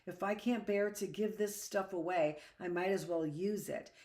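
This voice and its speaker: A woman's voice: on the low side, moderate pace, a little mellow, natural voice. A woman reading aloud as an elderly woman who fusses in a kindly, motherly, scolding way.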